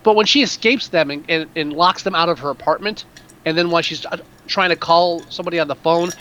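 A man co-hosting a podcast, chatting casually about a film in an animated, rambling way with many restarts. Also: a little high, fast talker, rough recording. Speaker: podcast co-host.

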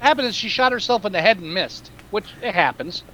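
Male co-host with a high voice: blunt, sarcastic, profane movie critic. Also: lively intonation, fast, bright, forceful tone. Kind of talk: casual film review chat.

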